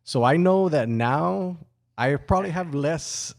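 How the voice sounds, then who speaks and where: A man's voice: on the high side, lively intonation, unhurried, creaky, a little mellow. A man in his forties hosting a podcast in his studio, talking reflectively and casually, often restarting words and swearing now and then. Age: 40s. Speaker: podcast host.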